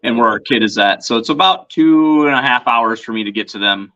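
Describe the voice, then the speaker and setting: A man's voice: medium pitch, brisk, pushed and bright, muffled recording. A man guesting on a podcast, telling stories in a rambling, casual way full of fillers and restarts. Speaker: podcast guest, reptile vendor. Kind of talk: casual storytelling chat.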